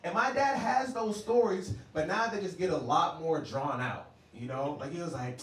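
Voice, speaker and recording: A man from the United States doing a brash stand-up set, ribbing the audience. His voice sits high. The room is echoey and the mic is some distance away. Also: normal speed, few pauses. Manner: brash, joking, works the crowd. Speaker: stand-up comedian. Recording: roomy club sound, distant mic.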